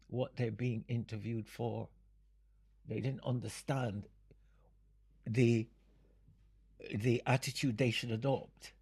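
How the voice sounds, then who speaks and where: An older man from Jamaica, speaking in an interview, unhurried and fond of analogies, often breaking into laughter. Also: mid-range voice, vocal fry, darkish tone, breathy edge. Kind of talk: reflective storytelling.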